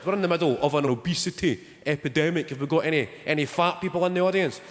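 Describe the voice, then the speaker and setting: Wry young comic in a theatre. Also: male voice, a little high, fast. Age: young adult. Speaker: stand-up comedian. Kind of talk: stand-up comedy set. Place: large theatre stage. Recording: echoey theatre, loud noise.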